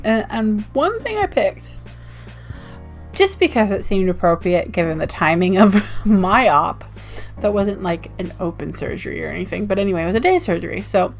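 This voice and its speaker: A woman's voice: medium pitch, expressive, moderate pace, soft background music. Rambling, giggly American woman. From United States. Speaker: zine vlogger. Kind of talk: casual vlog chat.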